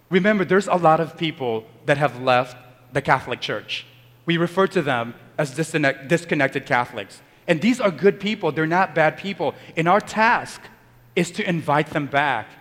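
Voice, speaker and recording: A man's voice: a little high, fairly bright tone, big-room sound. A man, a Catholic priest, giving a Sunday homily in a conversational storytelling manner, acting out the people in his stories. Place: church.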